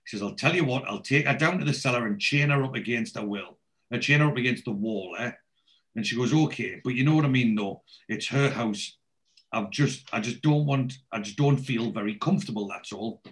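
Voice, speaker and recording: A man's voice: medium pitch, a bit bright. A man in casual chat, rambling through a TV episode and quoting the characters in his own voice.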